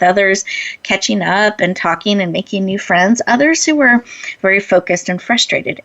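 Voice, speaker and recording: A woman host telling a personal story in an earnest way and then guiding listeners through a slow breathing exercise. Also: medium pitch, fairly bright tone, rough recording. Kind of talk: inspirational talk and guided breathing.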